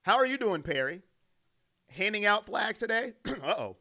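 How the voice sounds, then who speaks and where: A man hosting a live fan stream, calling the plays and reading out chat messages and donations in an animated way. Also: high voice, moderate pace. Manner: animated, loud, reacts to plays and reads donations. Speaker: fan livestream host doing play-by-play.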